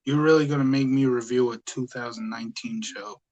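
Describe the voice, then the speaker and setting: A man's voice: medium pitch, a little fast, darkish tone, rough recording. A man co-hosting a casual podcast, enthusiastic and rambling, with frequent hesitations. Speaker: podcast co-host.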